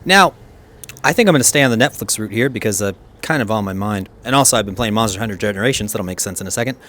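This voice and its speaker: A man co-hosting a casual anime review chat, enthusiastic and animated, with quick asides and laughs. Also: lowish voice. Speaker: co-host.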